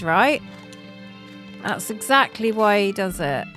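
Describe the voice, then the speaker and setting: Slow-talking chatty British mum streamer. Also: female voice, fairly low pitch, a bit bright, soft background music. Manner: chatty and self-mocking, laughs often, counts under her breath. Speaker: game streamer. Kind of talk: casual live-stream chat while playing.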